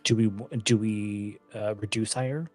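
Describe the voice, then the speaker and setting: A man's voice: on the low side, steady tone, unhurried, faint music behind. A young man playing a tabletop game, casually checking rules and steering the group's choices. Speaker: player. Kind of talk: casual tabletop play chat.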